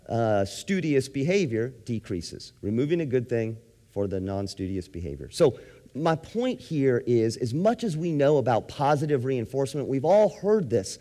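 A man lectures as a psychologist, walking the audience through ideas with everyday examples and checking in with questions. His voice sits at a middle pitch and carries the long echo of a big presentation hall. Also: warm tone.

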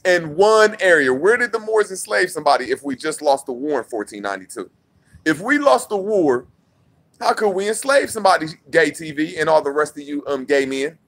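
A young man ranting at a rival vlogger in a heated, mocking way, repeating his challenge and swinging from loud outbursts to low mutters. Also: big pitch swings, fairly quick. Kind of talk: confrontational rant to camera.

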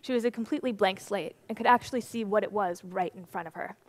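A woman in her twenties gives a conference talk from the stage, telling her story in a lively, animated way. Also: medium pitch, quick pace. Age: 20s. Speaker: conference speaker.

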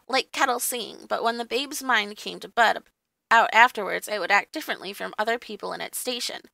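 A woman's voice: a little high, vocal fry, sharp tone, no room sound, heavily acted. A woman voicing Puck, a sly, ancient male hill sprite who tells tales in a twinkling, knowing way, in an audiobook reading.

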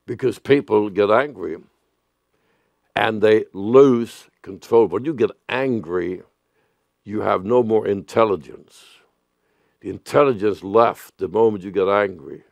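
A male pastor delivers a sermon in a slow, deliberate way, circling back over his phrases and now and then bursting out loudly. His voice has a gravelly, creaky edge. The recording is dry and close. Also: lowish voice, dry recording. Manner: earnest preaching with sudden loud outbursts.

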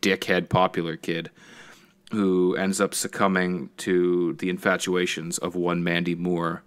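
A young man co-hosting a casual podcast, his voice sitting on the lower side. He tells stories with energy, acting out scenes and swearing freely. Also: a little slow. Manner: animated storyteller, acts out movie scenes with profanity. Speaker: podcast co-host. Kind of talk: casual chat.

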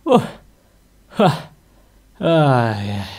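Low gravelly woman talking real slow in a goofy skit, lots of hey and what, noisy clicky mic. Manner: excitable, short exclamations and laughs. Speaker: gaming skit creator. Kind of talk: comedic skit voice-over.

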